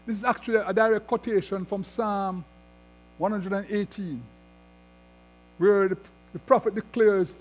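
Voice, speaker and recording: A high-pitched male pastor delivering a sermon. He reads scripture passages and then explains them, building his emphasis as he goes. A low electrical hum runs underneath the recording. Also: normal speed, pauses often, soft background music.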